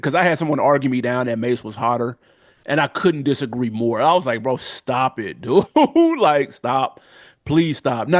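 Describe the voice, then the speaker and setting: A man with a mid-pitched voice co-hosts a casual podcast chat. He is animated and opinionated and pushes each point home. The sound is dry and close. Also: dry recording. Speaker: podcast co-host.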